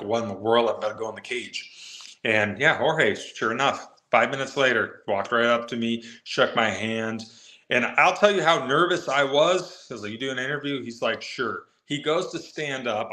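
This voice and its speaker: A man's voice: medium pitch, roomy sound, rough recording. A man on a live sports show, eagerly telling a long anecdote and acting out the quotes of the people in it. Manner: excited, fast anecdote-telling with acted quotes. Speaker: guest MMA reporter. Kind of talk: animated storytelling on a live show.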